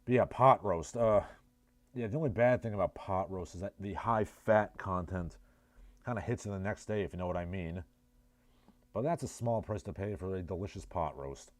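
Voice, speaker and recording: A man's voice: sits low, moderate pace, no room sound. A man with a New Jersey accent hosting a casual livestream, reading chat messages and riffing with sardonic, rambling asides. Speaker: livestream host.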